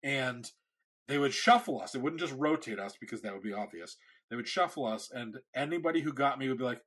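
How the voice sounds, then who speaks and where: A man's voice: mid-range voice, a little fast, slightly rough. A man in his thirties, a podcast host, telling a story in casual chat and acting out the quotes. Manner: animated storyteller, acts out quotes.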